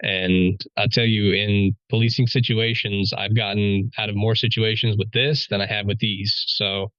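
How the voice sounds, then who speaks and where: A man with a lowish voice trades stories in relaxed podcast chat, filling his sentences with "you know." The sound is close and dry. It is also a bit dull and lo-fi. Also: moderate pace, dry recording. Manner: chatty, leans on "you know" and "like". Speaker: police officer.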